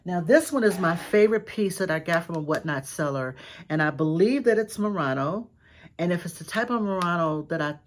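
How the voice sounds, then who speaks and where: A woman reselling antiques, chatting casually to viewers while showing off items and gushing with repeated praise. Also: low-pitched. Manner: chatty, addresses viewers directly. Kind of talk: casual haul show-and-tell.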